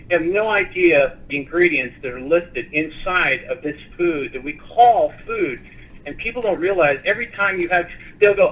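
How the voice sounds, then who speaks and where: A man's voice: a little high, moderate pace. Passionate man, slightly dull recording. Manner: passionate, animated, lively storytelling. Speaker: guest. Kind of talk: talk show interview.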